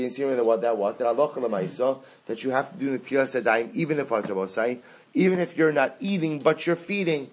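Husky man teaching a Talmud lesson. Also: mid-range voice. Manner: reads the text aloud, then explains it in English.

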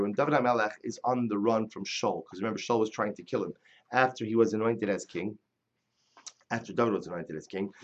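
A Torah teacher with a lowish voice gives a Talmud class lecture, reading the Hebrew and Aramaic text aloud and then explaining it in plain English. The recording has its high frequencies cut off.

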